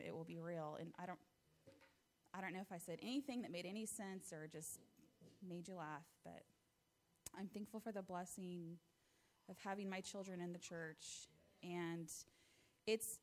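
A woman's voice: medium pitch, fairly bright tone. American woman, thirties, sharing a heartfelt church testimony. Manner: earnest, heartfelt storytelling with light laughs. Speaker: church member giving testimony. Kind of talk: testimony talk to a congregation.

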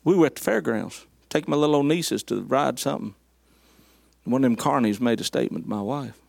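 A man preaching, a folksy, animated storyteller who speaks to his congregation in southern address. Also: medium pitch, a little fast, gravelly, dry recording, studio quality. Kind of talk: storytelling sermon.

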